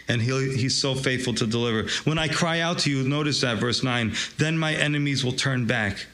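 A man's voice: medium pitch, moderate pace, hardly any pauses, a bit bright. A male pastor giving a conversational sermon and reading scripture aloud. He talks informally and keeps asking the congregation rhetorical questions. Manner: informal and folksy, addressing listeners as "gang".

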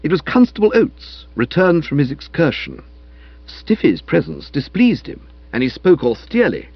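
A man narrating a comic novel aloud in a wry, lively storytelling manner. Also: on the high side, normal speed, gravelly, breathy edge, dry recording, highs cut off. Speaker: audiobook narrator.

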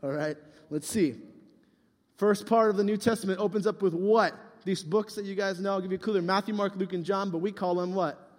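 Young man, youth pastor, joking and quizzing, high voice, long hall echo. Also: fairly even intonation, brisk. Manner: playful, teasing, quizzes the listeners. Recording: reverberant hall.

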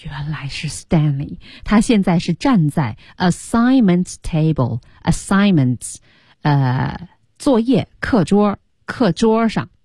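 Animated woman teacher, husky voice. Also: lowish voice, takes it slowly, no echo. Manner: animated, explains words with playful sound imitations. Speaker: radio English teacher. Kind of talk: bilingual English lesson explaining a story.

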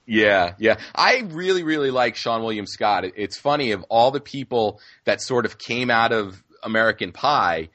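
A man co-hosting a podcast in casual film discussion, talking in halting starts and restarts. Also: mid-range voice, animated, a bit bright, dry recording. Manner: halting, many restarts and fillers. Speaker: podcast co-host.

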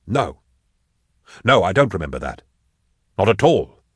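A man voices a proud, stubborn ex-inquisitor who won't accept the truth, his tone haughty and indignant. The voice sits low and close in a dry audiobook recording. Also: very animated, a little slow, fairly bright tone, breathy edge, dry recording, heavily acted. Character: deluded, proud male ex-inquisitor, stubborn and drinking. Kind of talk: audiobook character voice.

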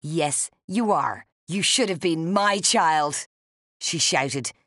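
A reader voicing a bitter, unhinged older woman who speaks low and quiet, then hisses and shouts in an audiobook. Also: animated, moderate pace, no room sound, studio quality, lightly acted. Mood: raging. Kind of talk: audiobook character voice.

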